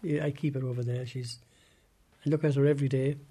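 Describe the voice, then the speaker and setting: Older Irish man, 80s, husky and mellow, halting interview recollection. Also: mid-range voice, steady tone. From Ireland. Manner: halting, plain-spoken, trails off often. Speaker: interviewee, former industrial school resident.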